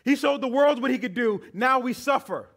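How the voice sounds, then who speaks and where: A man's voice: very high voice, moderate pace, fairly bright tone, pitched above the performer's own voice. A man voicing whiny complaining desert wanderers. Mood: griping.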